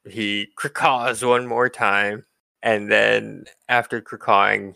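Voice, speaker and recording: A man running a tabletop game as game master, narrating in a relaxed way with laughs and fillers. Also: on the low side, creaky, clear, resonant tone, dry recording.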